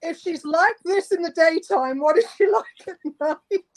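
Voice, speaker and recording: A woman voices a stern male curator scolding a rule-breaker. The delivery is indignant and high-pitched, close to her own speaking voice. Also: unhurried, low-quality recording.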